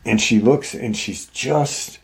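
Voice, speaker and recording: A man's voice: medium pitch, takes it slowly, creaky. A man hosting a show, retelling a story in a casual, rambling way full of "you know" fillers. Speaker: host.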